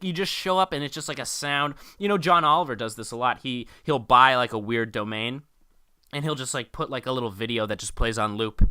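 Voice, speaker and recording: A man co-hosting a comedy podcast, rambling and animated, tripping over his words. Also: on the high side, smooth. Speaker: podcast co-host. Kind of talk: casual comedic chat.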